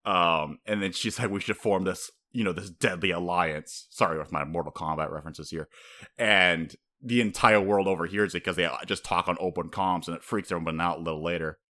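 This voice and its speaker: A man co-hosting a casual chat, excitable and swearing freely, sometimes acting out characters. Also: sits low, a little fast. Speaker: podcast co-host.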